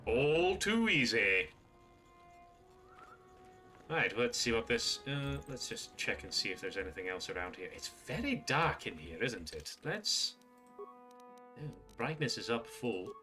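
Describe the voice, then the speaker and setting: A man's voice: mid-range voice, very animated, takes it slowly, pauses often, pushed and bright, soft background music. A man streaming a video game live, chatting casually and joking with viewers. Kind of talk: live gameplay commentary.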